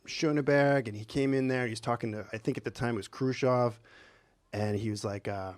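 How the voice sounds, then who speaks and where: A man's voice: medium pitch, steady tone, fairly quick, no room sound. A man co-hosting a podcast, telling stories in easygoing casual chat. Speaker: podcast co-host.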